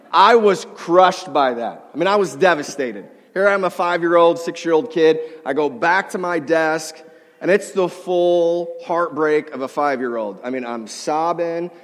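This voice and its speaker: A middle-aged man preaching, his voice sitting a touch higher than most men's. He tells stories against himself with humour and plays the other people in them. The sound carries the long reverb of a large hall. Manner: self-deprecating, humorous, acts out quoted voices. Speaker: pastor. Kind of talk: storytelling sermon. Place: large hall before a live audience.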